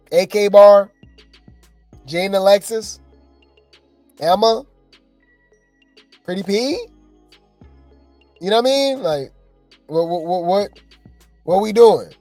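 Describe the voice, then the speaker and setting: High voiced guy doing reality tv gossip commentary, dry close mic, faint music behind. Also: takes it slowly, pauses often, dry recording. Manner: animated, exasperated, talks straight to viewers.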